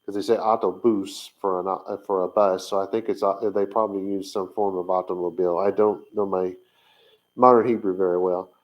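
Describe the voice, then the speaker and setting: A man giving an informal teaching talk on camera, thinking aloud with many pauses and fillers as he searches his notes. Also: sits low, flat delivery, highs cut off. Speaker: Bible language teacher.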